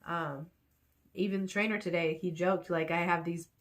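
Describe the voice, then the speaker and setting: A woman's voice: fairly low pitch, fairly even intonation, normal speed. A woman vlogging in rambling, repetitive self-talk, encouraging herself.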